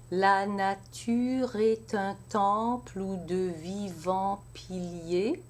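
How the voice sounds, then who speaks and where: A woman teaching the recitation of French poetry, explaining each rule with slow, careful enunciation. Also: fairly low pitch. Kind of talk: spoken lesson with recitation.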